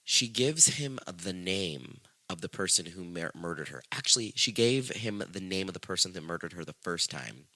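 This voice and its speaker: Man, podcast host, deep yet bright voice, slangy and profane, squeaky voices for quotes, dry close sound. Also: moderate pace, hardly any pauses, no room sound. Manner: profane, slangy, animated retelling with acted-out quotes; quotes people in high squeaky put-on voices. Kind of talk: casual true-crime storytelling.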